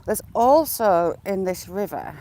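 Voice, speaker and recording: Outdoors by a river, a chatty woman vlogger records a casual walking vlog on a phone mic, talking to herself, chatting to live viewers and laughing a lot. Her medium-pitched voice is animated, unhurried and mellow.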